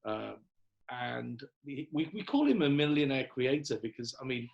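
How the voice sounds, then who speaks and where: A man's voice: medium pitch, expressive, moderate pace, vocal fry, highs cut off. A man hosting a live coaching call, talking casually and upbeat with many fillers, on a video call. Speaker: host.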